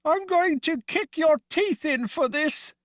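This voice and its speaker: A man's voice: extremely high pitch, lively intonation, slow, a bit bright, no echo, studio quality, pitched above the performer's own voice, exaggerated voice. A man voicing a furious, bleeding sorceress woman who shrieks in a muffled, enraged way.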